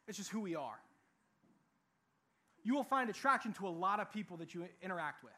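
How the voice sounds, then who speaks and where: A young man preaching a sermon in a lively, animated way, acting out what people say. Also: very high-pitched, fast talker. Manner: animated, acts out quoted voices. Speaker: youth pastor.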